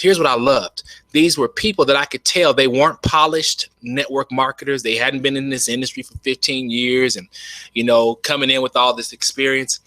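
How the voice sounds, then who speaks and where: Upbeat man pitching online. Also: bright, forceful tone, no room sound. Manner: enthusiastic, folksy, repeats "you all". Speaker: network marketing presenter. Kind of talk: webinar sales pitch. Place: home. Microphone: webcam.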